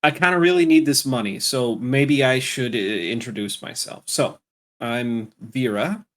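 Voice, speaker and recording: A man's voice: mid-range voice, unhurried, fairly bright tone. A man playing a tabletop role-playing game, speaking in character with dry, exasperated sarcasm. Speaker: player.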